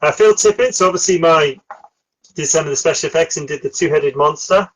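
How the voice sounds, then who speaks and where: A man's voice: on the high side, a little fast, rough recording. A middle-aged man, chatting casually about films as a podcast host, with lots of fillers and frequent laughs. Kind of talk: casual film chat.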